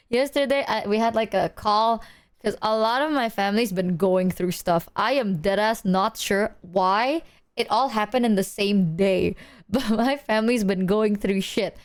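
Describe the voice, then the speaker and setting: A young woman streamer chatting casually with her viewers, telling animated stories full of acted quotes and casual swearing. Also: mid-range voice, moderate pace.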